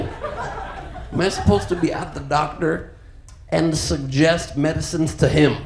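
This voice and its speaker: A man's voice: a little high, takes it slowly, vocal fry, long pauses. A male stand-up comedian with a sarcastic, exasperated delivery. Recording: echoey, noisy live club recording.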